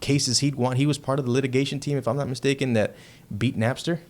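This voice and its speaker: Metal musician from Texas, podcast guest, mid-pitched man, swears freely and gets excited mid-story. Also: fast. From Texas, United States. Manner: loose, profane, excitable storyteller. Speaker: heavy metal band member, podcast guest. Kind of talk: casual storytelling chat.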